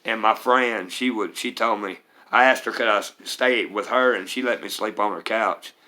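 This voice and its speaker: A man's voice: lowish voice, normal speed, pushed and bright. A middle-aged man, telling his recovery story in an earnest, rambling way. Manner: earnest and rambling, with Southern US turns of phrase. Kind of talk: personal testimony.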